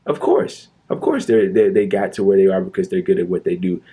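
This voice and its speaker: A man's voice: low-pitched, fairly even intonation, fast talker, dark tone, slightly rough. A man delivering an opinionated commentary monologue, indignant and sarcastic, pressing his points with emphatic repetition. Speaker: commentary youtuber.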